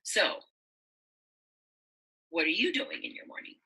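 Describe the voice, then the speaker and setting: Woman motivational speaker, bright husky tone, storytelling delivery. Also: fairly low pitch, sing-song, a little slow, poor audio. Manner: storytelling, acts out quoted voices, many fillers. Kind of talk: motivational talk.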